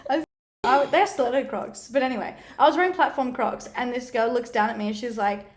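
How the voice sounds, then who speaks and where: A quick, high-voiced woman, spinning a story in casual chat. She swears freely and acts out what people said as she goes. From Australia. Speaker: guest.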